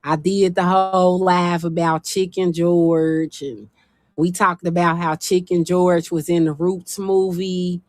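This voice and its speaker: A woman hosting a casual livestream, talking in an animated, folksy and teasing way. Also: fairly low pitch, takes it slowly, dry recording, clean studio sound. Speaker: livestream host. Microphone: phone.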